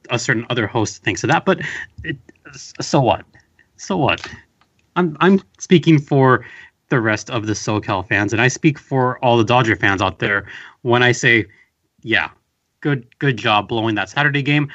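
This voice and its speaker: A man's voice: mid-range voice, fairly bright tone, lo-fi sound. A man from Southern California chatting casually on a podcast, telling a rambling, wry story full of fillers. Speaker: podcast host guest. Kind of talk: casual chat.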